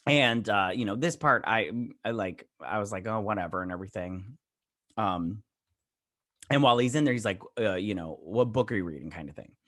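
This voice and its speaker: A man's voice: on the low side, expressive, normal speed, pushed and bright, dry recording, studio quality. A man giving a casual, rambling spoken review of a TV episode, full of fillers and loose retellings of scenes. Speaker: YouTube reviewer.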